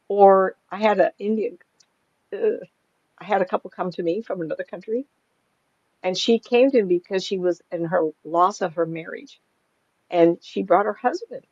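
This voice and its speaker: A woman's voice: on the low side, darkish tone, no echo, dull audio. An older woman, a psychic medium, chatting casually in an interview, rambling through stories and laughing often.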